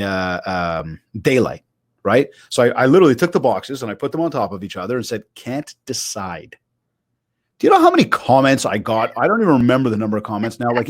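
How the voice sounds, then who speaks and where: A man's voice: on the low side, no echo, clean studio sound. A man on a video call, telling stories with energy and acting out the quotes in his anecdotes. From Canada. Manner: animated storyteller, acts out quotes. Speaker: keynote speaker guest. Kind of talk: casual interview chat.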